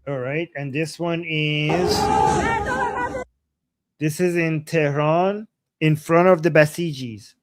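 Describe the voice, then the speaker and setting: A man with a slightly raised voice runs through clips on a live stream, translating chants and breaking into excited exclamations. His voice comes through a video call with loud noise hissing behind it. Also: on the high side, slow pace, pauses often. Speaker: guest commentator.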